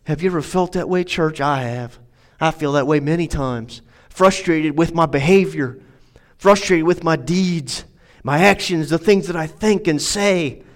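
A male pastor preaching a sermon, moving from emphatic, rising passages to quieter, reflective stretches. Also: fairly high pitch, unhurried, rough recording. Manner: preaching with swelling, emphatic delivery that drops to quiet asides.

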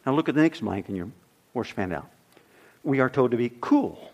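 A middle-aged man preaching a sermon as pastor, swinging from loud emphasis to near-whispers. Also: mid-range voice, very animated, moderate pace, slightly rough.

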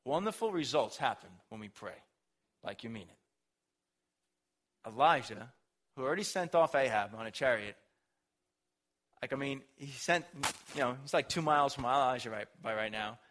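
A man's voice: medium pitch, lively intonation, normal speed, pauses often, a bit bright. A young man preaching a casual, slangy sermon, retelling a story and acting out the characters' voices.

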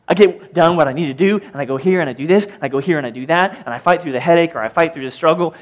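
A young man preaches a sermon in a loose, joking way, his voice sitting a little high for a man. He drops to soft asides, then bursts out loud. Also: fast, hardly any pauses. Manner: conversational, jokey preaching with sudden loud outbursts. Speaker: pastor.

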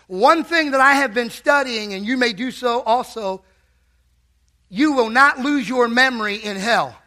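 A man's voice: very high-pitched, unhurried, pushed and bright. A man preaching a fervent sermon in a church, calling out to the congregation.

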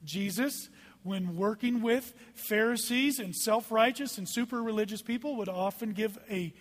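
Pastor, male, lively emphatic sermon, high voice, hall reverb. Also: moderate pace. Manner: animated, emphatic preaching with dramatic drops to hushed tones.

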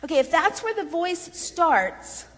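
A woman leading a voice workshop for singers in a chatty, lively way with frequent laughter. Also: extremely high pitch, unhurried. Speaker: vocal coach. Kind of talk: voice workshop lesson. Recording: long reverb in a large room.

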